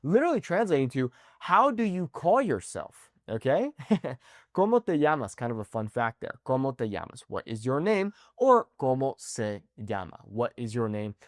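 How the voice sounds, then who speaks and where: A man teaching an online language lesson, animated and often checking in with "okay?". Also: mid-range voice, normal speed, no room sound, clean studio sound. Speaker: Spanish teacher.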